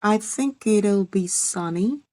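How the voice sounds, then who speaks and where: A woman with a Korean accent practicing English sentences in halting, careful repetitions. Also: medium pitch, darkish tone, no echo. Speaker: English teacher acting as a beginner learner. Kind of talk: pronunciation practice.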